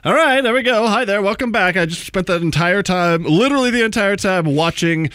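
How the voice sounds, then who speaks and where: A man hosting a casual soccer podcast, with a dry, sardonic delivery. His voice is somewhat high, and the recording is dry and close, with no room echo. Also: a little fast, fairly bright tone, smooth, faint music behind. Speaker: podcast host. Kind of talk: casual chat.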